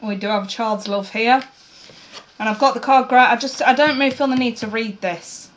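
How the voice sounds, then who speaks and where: A woman giving a casual tarot reading to her viewers, blunt and swearing freely, her voice going a bit hoarse. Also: on the high side, moderate pace, a little hiss or hum, poor audio. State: losing her voice, coughing. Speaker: tarot reader.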